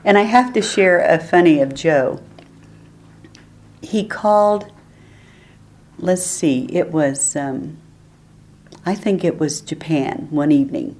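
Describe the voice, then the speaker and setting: Older female interviewee, low-pitched, easygoing storyteller who laughs readily. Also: slow, pauses often, darkish tone. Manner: chatty, laughs often while telling stories. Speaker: oral history interviewee. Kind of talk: relaxed storytelling.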